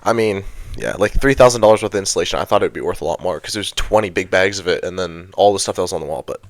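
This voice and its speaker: A man's voice: sits low, fast talker, no room sound. A young man co-hosting a podcast, chatting casually in a laid-back, rambling way. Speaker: podcast co-host.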